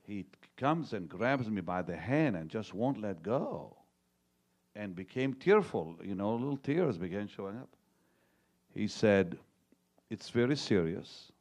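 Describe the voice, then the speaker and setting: A man in his sixties preaching a sermon, telling a personal story in a conversational way, with loud jokes that drop to hushed, quiet moments. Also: deep voice. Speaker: pastor.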